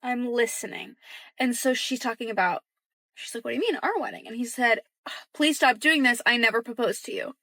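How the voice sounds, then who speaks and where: Young woman telling a story casually, acting out the quotes in a hushed voice. Bright and a bit high. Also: expressive, a little fast, no room sound. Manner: chatty, acts out quoted dialogue in a hushed voice.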